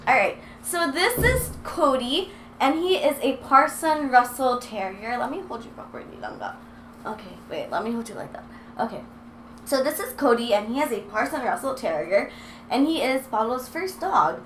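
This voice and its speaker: Fairly high-pitched, bright, and very animated, a young woman vlogs to camera at a moderate pace from her apartment. She's bubbly and chatty, uses baby talk on her dogs, and gets short of breath holding a heavy dog; her handheld mic is later put down away from her in an echoey, faintly noisy room.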